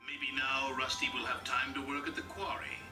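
A man's voice: medium pitch, level tone, moderate pace, lightly acted. A man voicing a stern older male railway boss in a storybook reading, speaking firmly. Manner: stern, firm. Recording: roomy, distant, loud music behind.

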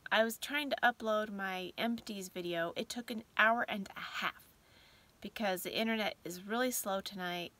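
Middle-aged woman vlogger, tired and emotional, bright tone, slips into whispers, casual late-night chat. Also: medium pitch. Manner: emotional, soft-spoken, drifts into whispers. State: teary and tired at bedtime.

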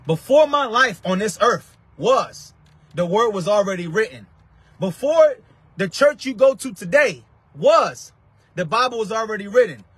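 High-voiced, husky man preaching fiery. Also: expressive, a little slow, no room sound. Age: 30s. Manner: forceful, repetitive, bursts into shouting. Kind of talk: fiery street-style preaching.

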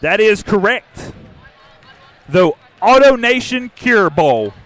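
A man's voice: sits high, very animated, fairly bright tone, no echo. A man co-hosting a fan sports podcast, running the pregame show with upbeat, announcer-like banter. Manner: upbeat, announcer-like, reads numbers out slowly.

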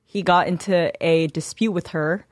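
A woman's voice: fairly low pitch, fairly even intonation, measured pace, no room sound, clean studio sound. A woman reading a news story aloud on a podcast, plain and matter-of-fact.

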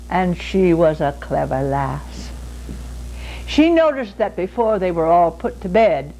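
Woman storyteller, folk tale, slow, lilting, mid-pitched. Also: a little mellow, poor audio. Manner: unhurried, lilting, dramatic pauses.

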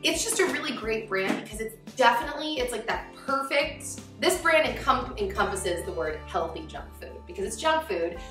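A woman's voice: a little high, lively intonation, normal speed, few pauses, echoey room, far from the mic, music in the background. A young adult woman casually reviewing snacks in a chatty, upbeat vlog, with many "like" fillers. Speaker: vlogger.

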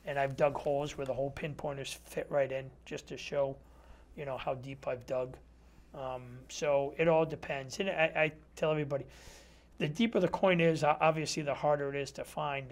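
A man's voice: a little high, flat delivery, fairly quick. A man who is a metal detectorist, a guest in a casual interview chat in a TV studio, telling stories, acting out dialogue and using many fillers. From Connecticut. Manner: storytelling, acts out quoted dialogue; chatty, many fillers like "you know". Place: community TV studio.

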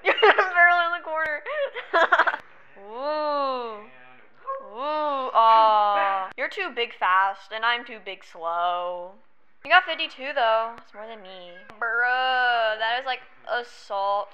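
Excitable woman reacting to a game. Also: on the high side, slow pace, clean tone. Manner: excitable, giggly, exclamatory. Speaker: gamer. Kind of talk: casual gameplay commentary. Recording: muffled lo-fi screen recording.

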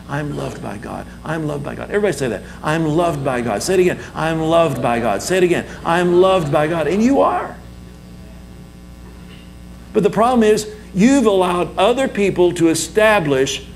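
Male pastor, emphatic sermon delivery with call-and-response, slow and swooping in pitch, faint hum on the recording. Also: poor audio.

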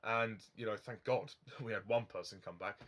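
A man's voice: on the low side, fairly even intonation, moderate pace, fairly bright tone. A young man giving a casual film review, rambling with frequent ums and chuckling at his own remarks.

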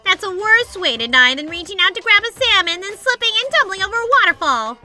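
A woman's voice: extremely high pitch, big pitch swings, quick pace, sharp tone, faint music behind, pitched above the performer's own voice, heavily acted. Woman doing a teasing bear headmaster. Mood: taunting. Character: mocking bear headmaster, mischievous and theatrical.

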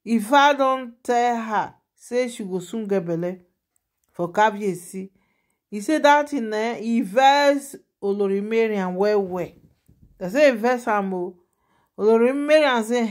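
A woman with a Nigerian accent hosting her own channel, chatting casually and animatedly as she shares celebrity gossip and laughs often. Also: fairly high pitch.

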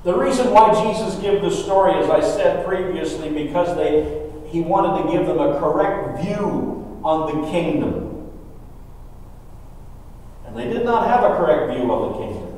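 Emphatic preacher in an echoey hall. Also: male voice, a little high, a little slow, darkish tone. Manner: emphatic, repeats key phrases. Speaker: pastor. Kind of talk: sermon. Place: church sanctuary. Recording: echoey church hall from far off.

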